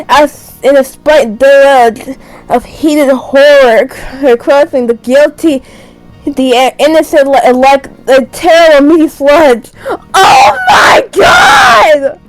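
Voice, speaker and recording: A woman's voice: high-pitched, a little mellow, poor audio. A young woman reading a dating sim aloud, stumbling over words and breaking into dramatic shrieks. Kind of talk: reading game text aloud with reactions.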